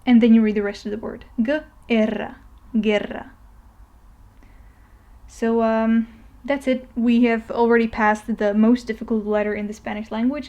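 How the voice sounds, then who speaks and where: A woman's voice: on the high side, mellow, muffled recording. A woman teaching a pronunciation lesson, explaining patiently step by step and often checking in with "okay?". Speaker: language teacher. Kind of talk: narrated language lesson.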